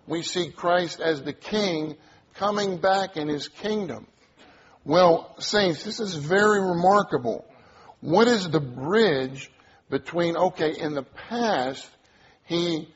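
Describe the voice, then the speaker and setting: A man's voice: on the high side, husky, highs cut off. A man preaching a sermon, earnest, repeating key phrases and drawing responses from the congregation.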